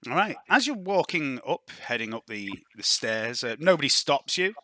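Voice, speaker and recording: Bright-voiced game master. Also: male voice, medium pitch, normal speed, no room sound, rough recording. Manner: relaxed, chatty, descriptive narration. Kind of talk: narrating a tabletop game.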